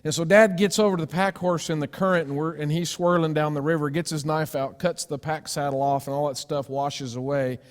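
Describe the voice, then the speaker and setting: Male pastor, storytelling sermon, slightly high voice, long church echo. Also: fairly even intonation, brisk, hardly any pauses. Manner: storytelling with sudden loud screams and hushed asides. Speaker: preacher. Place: church sanctuary.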